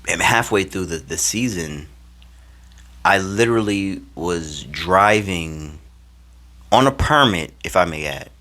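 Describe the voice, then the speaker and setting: A young man with a very low, deep voice tells a personal story to camera. He talks casually and slangily, and his delivery turns animated and then hushed. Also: slow pace. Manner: animated, slangy, swings between loud and hushed. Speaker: vlogger.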